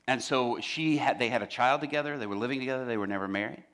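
A male pastor telling a story in a sermon, animated and acting out every character's lines. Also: mid-range voice, fast talker.

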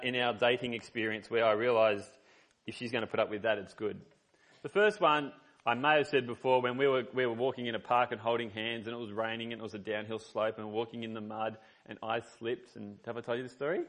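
Pastor, conversational sermon. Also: male voice, mid-range voice, brisk, fairly bright tone. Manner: conversational, storytelling, earnest.

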